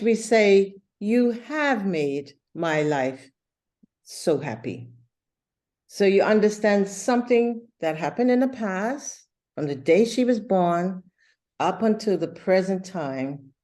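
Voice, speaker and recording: A woman teaching an English lesson over a video call, explaining slowly and patiently with many fillers. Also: mid-range voice, dark tone.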